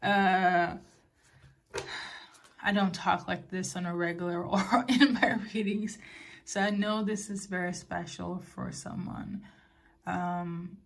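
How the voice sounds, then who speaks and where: A woman doing a tarot-style card reading for her viewers, at an ordinary middle pitch. She muses softly and loosely, with fillers and gentle little check-ins. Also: steady tone, slow pace, creaky, pauses often. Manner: soft, musing, with fillers and gentle reassurances. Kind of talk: casual spoken oracle reading.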